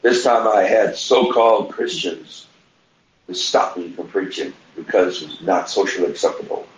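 A man with a low voice calls in, insistent and emphatic. His line sounds roomy, with faint background noise. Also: normal speed. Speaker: caller, street preacher. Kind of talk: phone-in call.

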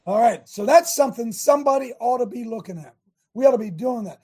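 A man's voice: sits high, quick pace, a little mellow, slightly rough. An older American man hosting a talk show, rallying listeners in a rambling, preachy monologue with many restarts.

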